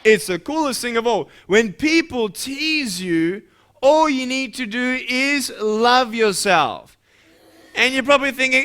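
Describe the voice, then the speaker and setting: A man's voice: extremely high pitch, normal speed, bright, forceful tone, smooth. A young man giving a playful motivational talk to schoolchildren, asking questions and leading them in call-and-response chants. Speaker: motivational speaker addressing schoolchildren. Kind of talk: animated interactive talk to kids.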